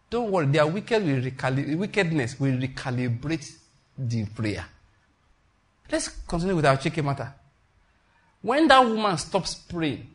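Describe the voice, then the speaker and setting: A man's voice: fairly high pitch, a bit bright. A man preaching a sermon in an emphatic, repetitive style, calling out to his congregation. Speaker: pastor.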